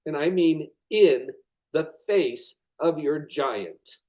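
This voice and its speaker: Man, higher-pitched, motivational class presenter; expressive, emphatic pauses. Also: muffled recording. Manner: expressive, dramatizes with acted inner thoughts; deliberate emphatic pauses on key words. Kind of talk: motivational lecture.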